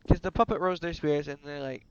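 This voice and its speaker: Man, casual rambling game narrator, slightly higher voice. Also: fairly even intonation, fast, clean tone, dull audio. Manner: rambling and offhand, slipping into character voices. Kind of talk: casual storytelling over gameplay.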